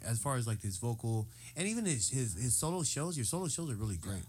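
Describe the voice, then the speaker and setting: A man's voice: mid-range voice, very animated, quick pace, few pauses, a little mellow. A man in casual chat among bandmates, teasing and telling long anecdotes.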